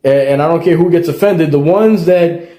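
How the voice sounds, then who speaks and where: Man from El Salvador, slightly high voice, emphatic lecturer, echoey room. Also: normal speed, warm tone. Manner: emphatic, lecturing, repeats points. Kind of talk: explainer commentary.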